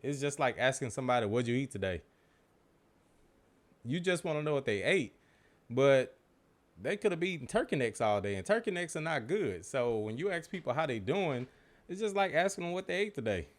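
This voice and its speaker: A man hosting his own podcast, talking in a relaxed, conversational way with casual slang, recorded on a studio mic in a home room. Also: mid-range voice. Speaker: podcast host. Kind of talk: casual solo podcast talk. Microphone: studio microphone.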